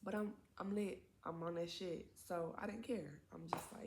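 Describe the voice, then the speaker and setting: A young woman with a low voice tells a story on her vlog. Her talk is slangy and full of swearing, with chatty side comments. Faint noise sits behind her. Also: fairly even intonation, normal speed, vocal fry. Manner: slangy, profane, chatty asides. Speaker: vlogger. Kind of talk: casual storytime.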